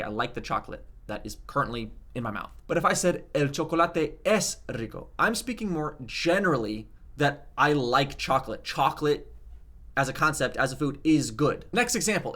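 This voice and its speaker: A man's voice: on the high side, bright, forceful tone. A man explaining language grammar in a casual video lesson, talking animatedly and checking in with "okay?" and "like". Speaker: language teacher.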